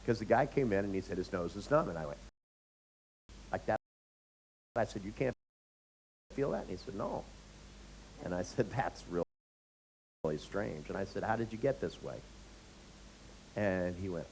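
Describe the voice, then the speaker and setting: A man lectures on hypnotherapy, weaving in anecdotes and acting out lines in a sing-song voice. His pitch rises and falls with lively, animated range. A faint hiss sits under the recording. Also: poor audio. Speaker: hypnotherapy instructor.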